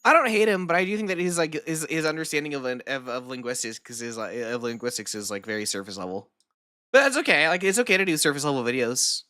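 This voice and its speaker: A woman's voice: rumbling low, lively intonation, quick pace, fairly bright tone, no room sound, studio quality. A woman streamer chatting casually while reacting to videos, swearing a lot, laughing and repeating words over and over.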